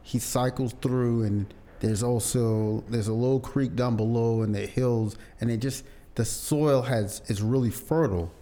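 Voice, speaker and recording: A man's voice: medium pitch, a little slow. A man co-hosting a podcast, telling an anecdote and acting out what people said. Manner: animated anecdote-teller, acts out quotes. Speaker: podcast host. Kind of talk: casual storytelling.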